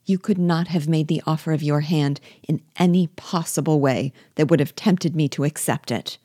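A woman reading the lines of a spirited, sharp-tongued young woman in a forceful, accusing manner. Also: sits low, normal speed, breathy edge, dry recording, studio quality. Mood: composed scorn.

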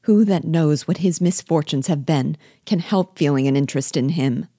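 A spirited, indignant young woman speaks with force, voiced by a woman reading aloud. Her voice is low and warm, and the recording is close and dry. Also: moderate pace, breathy edge, no echo.

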